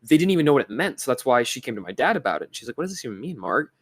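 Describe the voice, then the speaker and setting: A man's voice: medium pitch, sing-song, rapid-fire, breathy edge, no echo. A young man co-hosting a casual podcast, telling a story in a rambling way with many fillers and restarts. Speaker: podcast co-host. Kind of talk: casual chat.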